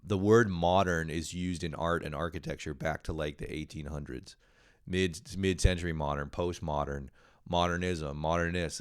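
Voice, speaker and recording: A man's voice: sits low, normal speed, dry recording, clean studio sound. A young man telling a comedic story in a casual monologue, swearing often and breaking into exasperated yelps. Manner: frequent swearing. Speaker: host.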